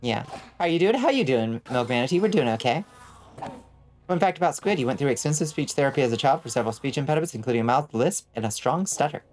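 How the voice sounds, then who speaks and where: Speaking in a bass, slightly mellow voice, a Southern-accented woman from Georgia talks fast and animatedly. As a vtuber streamer gaming live, she keeps up a chatty back-and-forth with her stream chat, answering aloud and having fun with pronunciations.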